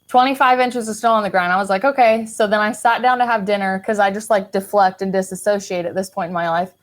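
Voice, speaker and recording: A woman's voice: mid-range voice, steady tone, fast. A young adult woman from the American Midwest, a podcast guest, telling her personal story in a frank, chatty way with lots of "like" and casual swearing. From Kansas City, Missouri, US.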